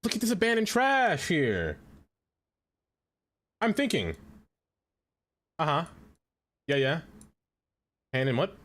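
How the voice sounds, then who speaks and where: A man's voice: a little high, huge pitch swings, slow pace, long pauses, a bit bright. Chatty man streaming a city builder. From Allentown area, Pennsylvania. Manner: chatty, greets chat, laments abandoned rail. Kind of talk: casual gameplay commentary.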